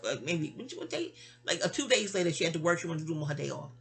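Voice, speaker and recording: A woman with a deep, expressive voice, breathy at the edges, speaks fast as she tells a long, rambling personal story. She's a New York City vlogger giving a casual, chatty monologue, sleepy in tone and full of restarts and asides.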